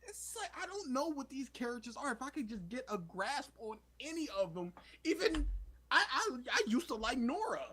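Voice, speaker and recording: A young man co-hosting a podcast in casual chat, animated and acting out scenes in quoted voices. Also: very high voice, normal speed, slight background noise. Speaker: podcast co-host.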